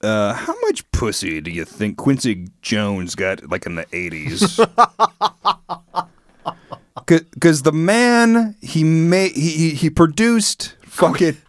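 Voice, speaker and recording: A man co-hosting a podcast, trading crude jokes, laughing often and slipping into loud shouted voices. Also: fairly high pitch, lively intonation, slow, no room sound, clean studio sound. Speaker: podcast co-host. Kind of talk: crude comedic banter.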